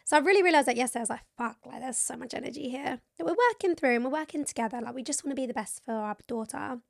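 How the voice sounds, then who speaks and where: High-voiced young woman chatting softly. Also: very fast, vocal fry. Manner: soft, heartfelt, peppered with "like". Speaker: podcast co-host. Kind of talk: casual chat.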